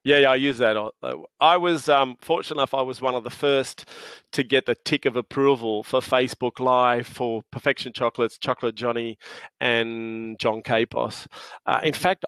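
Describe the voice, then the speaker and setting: A man's voice: medium pitch, steady tone, normal speed, a bit bright, smooth, no echo. Jovial Australian man telling stories. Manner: jovial, laughing storyteller with slang. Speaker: podcast guest. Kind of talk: casual chat.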